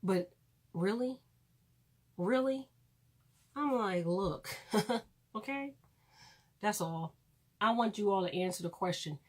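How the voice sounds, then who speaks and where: Husky-voiced woman ranting bluntly. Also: medium pitch, takes it slowly, long pauses. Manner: emphatic, profane, repeats for emphasis; blunt and preachy. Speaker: vlogger. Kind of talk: ranting vlog monologue.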